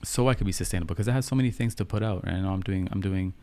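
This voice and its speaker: Calm low-voiced man, gravelly. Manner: calm, soft-spoken, unhurried. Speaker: podcast host on a live stream. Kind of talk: casual live-stream chat, answering viewer questions.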